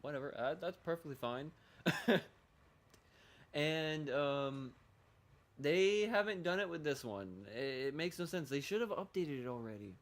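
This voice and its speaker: A man streaming a video game, rambling through casual commentary, excitable and swearing freely. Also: fairly high pitch, measured pace.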